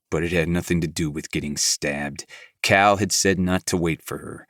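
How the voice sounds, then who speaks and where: A man narrating a novel in first person with a flat, gruff delivery. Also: sits low, moderate pace, no echo, studio quality. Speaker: audiobook narrator. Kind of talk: scripted narration.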